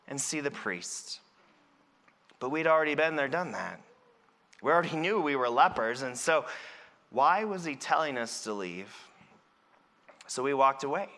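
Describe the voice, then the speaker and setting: In a big hall with long reverb, a man performs a first-person sermon as a Samaritan leper. He tells the story earnestly and with emphasis, using a full character voice that's high and sharp.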